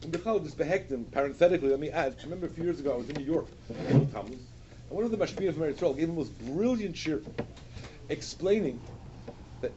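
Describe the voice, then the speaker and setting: Animated rabbi telling a story. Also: male voice, fairly high pitch, fast. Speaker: rabbi lecturer. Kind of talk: storytelling lecture. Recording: dull lo-fi recording with faint hiss.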